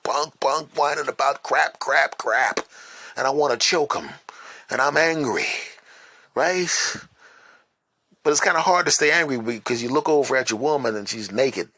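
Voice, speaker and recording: A man hosting a podcast, telling stories in an animated, emphatic way and repeating words for effect, recorded on a phone. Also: fairly high pitch, gravelly, dry recording. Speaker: podcast host. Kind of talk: casual monologue.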